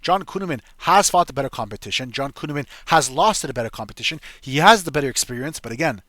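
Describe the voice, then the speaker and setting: A man's voice: mid-range voice, animated, fast, bright, forceful tone, no echo. A young man giving a blunt, profane, rambling casual breakdown of fight picks as a show host, full of fillers. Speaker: MMA fight predictions host.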